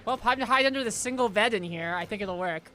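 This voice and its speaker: A woman's voice: medium pitch, quick pace, bright, forceful tone, slight background noise. A young woman streaming a horror game, rambling and joking casually with her chat between moments of play. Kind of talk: casual gameplay commentary.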